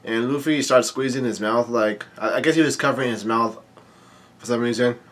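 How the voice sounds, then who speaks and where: A man with a mid-range voice casually reads a manga aloud and comments on it, often halting with fillers and starting sentences over.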